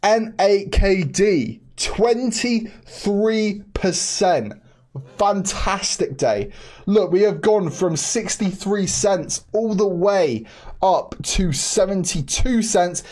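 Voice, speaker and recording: Young male streamer, slightly high voice, excitable chatty delivery with frequent laughs. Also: slow. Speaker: livestream host. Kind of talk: casual livestream chat.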